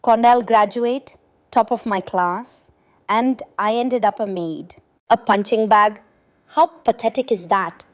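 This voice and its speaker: A woman's voice: mid-range voice, slow, no echo, lightly acted. A woman narrator voicing a distraught young daughter who lashes out and blames herself, in a scripted family drama story. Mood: self-blaming. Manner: anguished, self-blaming outbursts.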